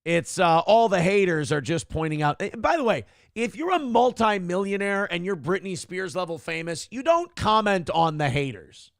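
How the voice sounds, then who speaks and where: A man's voice: high voice, animated, moderate pace, creaky, hardly any pauses, no room sound. A male morning show host giving comedic, ranting commentary, sarcastic and profane as he mocks celebrities, on a close mic.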